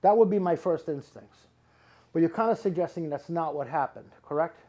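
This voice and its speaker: A man's voice: a little high, fairly quick, mellow. A middle-aged man, a psychic medium giving readings to a live audience, who rambles and repeats words for emphasis.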